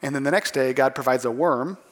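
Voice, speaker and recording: A man preaching a sermon, animated, acting out the voices of the people in the story. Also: mid-range voice, brisk. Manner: animated, acts out voices of characters. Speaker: pastor. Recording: long hall reverb.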